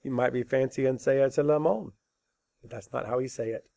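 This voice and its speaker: A man teaching a spelling lesson, dictating words slowly letter by letter and asking and answering his own questions patiently. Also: mid-range voice, fairly even intonation, creaky, dark tone, dry recording. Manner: slow, deliberate letter-by-letter dictation.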